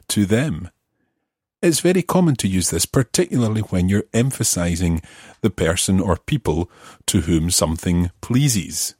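A man's voice: deep voice, darkish tone, breathy edge, no room sound, studio quality. A man teaching a language lesson, explaining grammar patiently and methodically.

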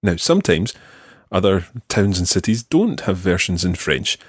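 A man teaching a spoken French lesson, slowly repeating phrases for a learner. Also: sits low, sing-song, slightly rough, no echo, studio quality.

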